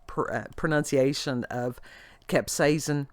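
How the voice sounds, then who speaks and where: A woman's voice: low-pitched, measured pace, dry recording. A middle-aged woman with an Appalachian mountain accent, hosting a casual vlog and talking earnestly and folksily straight to her viewers. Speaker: host.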